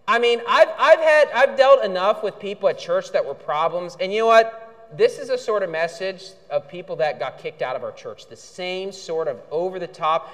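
A man's voice: very high voice, expressive, normal speed. A male pastor preaching a sermon, indignant, with outbursts when angry. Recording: reverberant hall.

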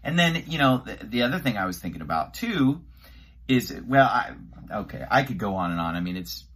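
A man pausing a sermon clip to give his own commentary, indignant and animated, often restarting his sentences. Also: fairly low pitch, a little hiss or hum.

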